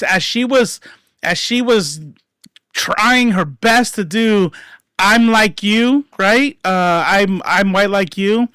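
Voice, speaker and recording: A livestream commentator giving casual political commentary, profane and rambling, swinging between loud outbursts and mumbled asides. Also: medium pitch, dry recording, clean studio sound.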